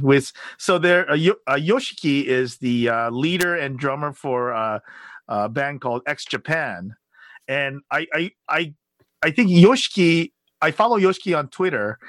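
A man co-hosting a podcast in casual chat, animated and rambling, full of fillers and restarts. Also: on the high side, no room sound. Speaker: podcast co-host.

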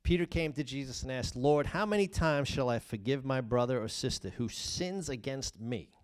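Guy pastor preaching, gets loud then drops to a near whisper, lively delivery. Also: mid-range voice, moderate pace. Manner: animated, swings from loud emphasis to hushed asides. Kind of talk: sermon.

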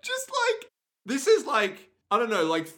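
A man co-hosting a podcast, joking and swearing freely in animated, casual chat. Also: very high-pitched, measured pace, noisy background. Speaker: podcast co-host. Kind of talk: casual chat recapping an anime.

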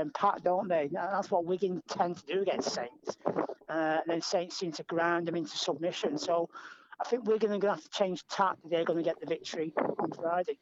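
A man with a high voice co-hosts a sports podcast, voicing strong opinions in casual chat and getting animated about the game. His remote audio is dull and lo-fi, with slight background noise.

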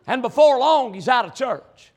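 A male preacher delivering a sermon, emphatic and swinging between loud passages and hushed ones. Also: very high voice, animated, moderate pace.

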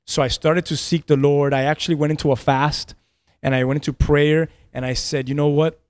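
A man's voice: fairly high pitch, level tone, fairly quick, dry recording. A man in his thirties, a pastor, telling a personal story on a podcast in an earnest way, often repeating his words. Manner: earnest, repeats words, laughs between lines.

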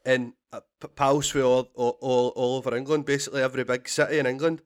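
Animated Scottish man telling stories. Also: mid-range voice, fast, clear, resonant tone. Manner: animated storytelling, laughing, swearing, repeated restarts. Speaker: stand-up comedian, podcast guest. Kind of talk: casual podcast chat.

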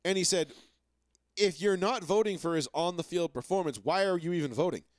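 A man chats about football in a casual, mocking tone and reads numbers off a stats page. His voice is slightly high. The recording is dry and close, with no room sound. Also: fairly quick, no room sound. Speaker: podcast co-host. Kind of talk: casual sports chat.

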